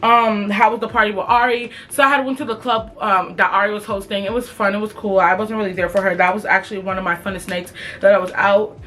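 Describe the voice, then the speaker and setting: Young woman vlogger, casual storytime, quick talker, slangy and profane, fillers everywhere. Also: medium pitch, fairly even intonation, a bit bright.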